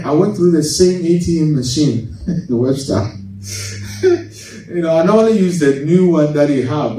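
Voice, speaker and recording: A man preaching a sermon as pastor, lively, going from loud to hushed and laughing as he tells stories. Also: a little high. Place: church. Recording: echoey church hall, mic at a distance.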